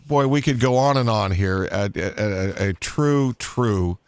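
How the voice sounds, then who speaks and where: A man's voice: on the low side, unhurried, clean tone, no room sound. A man hosting a radio interview, asking eager questions that often stumble and restart. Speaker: radio host.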